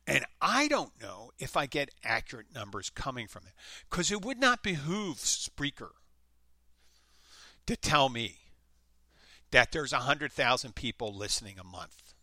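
A man's voice: medium pitch, sing-song, a little slow, pauses often, sharp tone, no room sound. A man from the United States, hosting his own podcast in a casual, rambling monologue full of restarts and self-corrections. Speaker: podcast host.

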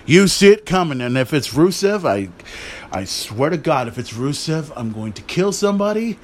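Podcast guy going off on a cursing, rambling rant, high voice that swings all over. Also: sing-song, moderate pace. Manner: profane, exasperated, rambling. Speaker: podcast host. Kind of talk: casual wrestling commentary rant.

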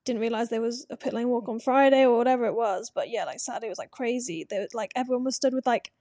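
High, mellow-voiced young woman. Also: fast talker, no echo, studio quality. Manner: chatty, quoting herself, many fillers. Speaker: podcast co-host. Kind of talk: casual chat.

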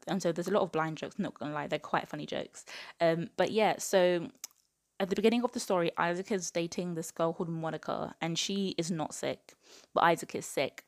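A young woman in her twenties rants through a casual book review, her voice sitting a little low. She talks in a chatty, exasperated way and fills her sentences with "like". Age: 20s. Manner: exasperated, chatty rant full of "like".

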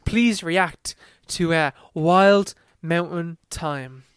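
A young man co-hosting a podcast, talking with a smooth, clear tone. He rambles casually, full of fillers and the odd swear, recorded dry and close. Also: fairly high pitch, very slow, fairly bright tone, no echo. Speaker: podcast co-host. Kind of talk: casual chat.

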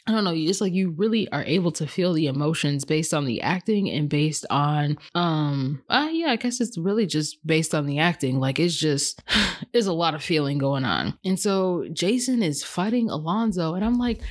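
Chatty woman podcast host, lowish voice. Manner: animated retelling with jumps into high-pitched acted outbursts; chatty, full of fillers. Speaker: podcast host reviewing a film. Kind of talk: casual chat.

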